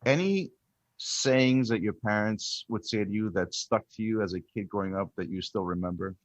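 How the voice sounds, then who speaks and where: Lower-voiced man asking questions, dull audio. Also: moderate pace, no echo. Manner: friendly, asks questions with fillers. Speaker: podcast co-host. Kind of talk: casual podcast interview.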